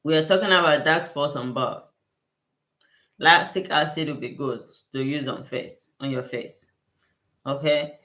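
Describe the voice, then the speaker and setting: A woman with a low, fairly bright voice takes viewer questions at an unhurried pace during a casual skincare livestream; she's a consultant in the field. Her manner is effusive and repetitive, full of thanks to her viewers. The room echoes noticeably.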